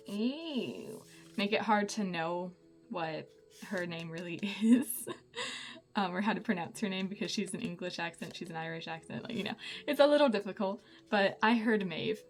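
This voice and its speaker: A young woman chatting casually through a tour of her sketchbook, bubbly, with many ums and giggles. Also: fairly low pitch. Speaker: artist vlogger.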